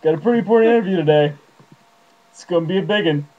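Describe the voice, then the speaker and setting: Rambling man on a lo-fi recording. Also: fast. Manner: rambling, jumpy, wildly swinging pitch and volume. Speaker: vlogger. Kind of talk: absurd comic monologue to camera.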